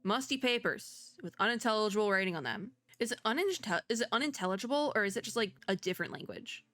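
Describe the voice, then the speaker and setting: Woman gamer, bright voice, dry close sound, excitable and nervously chatty commentary. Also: mid-range voice, fast, dry recording. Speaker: gaming video creator. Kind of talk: let's play commentary, reading game text aloud.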